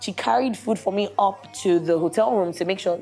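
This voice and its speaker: Soft music plays behind a young Nigerian woman, a guest bride, as she tells a story in casual chat. Her medium-pitched voice is a little fast and creaky, and she's animated, often saying "like" and "literally."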